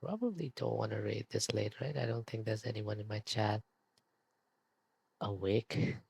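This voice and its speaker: A quiet young man speaking in a whispered role-play hush at his desk microphone. His voice is husky with a low fry and comes out unhurried, full of soft fillers. The sound is dry and close. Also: no echo. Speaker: streamer. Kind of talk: late-night stream sign-off, whispery ASMR-like voice.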